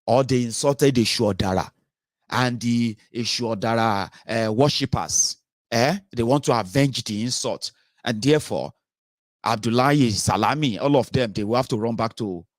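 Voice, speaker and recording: A man's voice: medium pitch, dry recording, studio quality. A man with a Yoruba Nigerian accent hosting an opinionated political monologue, emphatic and rhetorical, with lots of "uh" fillers and tag questions. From southern Nigeria. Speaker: political commentary host.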